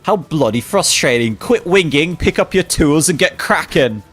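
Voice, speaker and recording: Man playing a brusque tough guy, raised pitch, impatient barking delivery. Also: lively intonation, moderate pace, fairly bright tone, faint music behind. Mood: gruff. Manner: brusque, scolding. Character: gruff, impatient British brawler.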